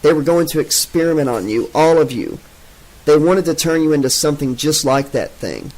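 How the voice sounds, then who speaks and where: A man's voice: on the high side, a little fast, darkish tone, close to an everyday voice, rough recording. A man voicing an urgent young woman trying to rouse a friend, in an audiobook.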